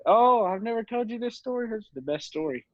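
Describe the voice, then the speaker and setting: A man's voice: high-pitched, lively intonation, a little fast, no room sound. A man in his twenties, a podcast guest, telling stories in a rambling, casual way, laughing often and using lots of fillers. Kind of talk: casual storytelling chat. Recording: dull, dry lo-fi recording.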